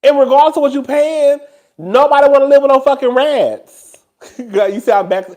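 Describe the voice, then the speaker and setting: A man talks casually to camera as a host. His delivery is animated and gossipy, full of laughter and asides to the listener. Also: very high-pitched, normal speed. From Houston, Texas. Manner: animated and gossipy, laughs often, addresses listeners as "girl" and "child".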